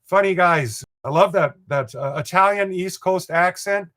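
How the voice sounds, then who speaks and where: A man's voice: sits high, measured pace, fairly bright tone. An older man from Montana hosting a live model train stream, chatting in a rambling, folksy way and chuckling as he reads viewer comments. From Montana, USA.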